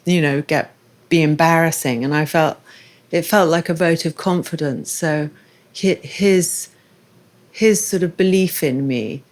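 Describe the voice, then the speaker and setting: A woman's voice: low voice, a little slow, darkish tone. A woman hosting a casual onstage conversation at a live festival, speaking in a candid, personal and thoughtful way. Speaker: interviewer and show host.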